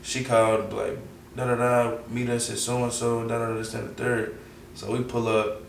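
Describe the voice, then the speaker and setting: A young man with a Southern US accent, telling a story casually as an interview guest, animated and full of slang, acting out the quotes. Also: medium pitch, normal speed, vocal fry, recorded from a distance. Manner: animated, acts out quotes, heavy slang and profanity. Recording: roomy echo, off-mic, faint background noise.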